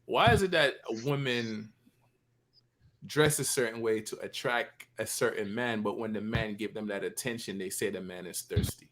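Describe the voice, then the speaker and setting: A man's voice: lowish voice, normal speed, fairly bright tone, a little hiss or hum. A man on a panel making his points animatedly in a casual discussion, rising into emphatic outbursts.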